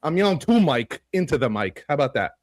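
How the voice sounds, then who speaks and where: A man co-hosting a sports podcast, talking casually and ranting with animated swearing. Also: a little high, fast talker, dry recording. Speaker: podcast co-host. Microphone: podcast studio mic.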